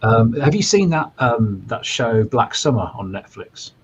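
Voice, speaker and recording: A man's voice: medium pitch, sing-song, a little slow, lo-fi sound. A self-deprecating man, a podcast guest in casual chat. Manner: self-deprecating, laid-back.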